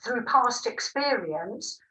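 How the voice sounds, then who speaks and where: A woman's voice: on the high side, expressive, slow pace, pushed and bright, distant mic, low-quality recording. A woman with an English accent, a carer in a group session, sums up points in a thoughtful way. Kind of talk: group discussion on a video call.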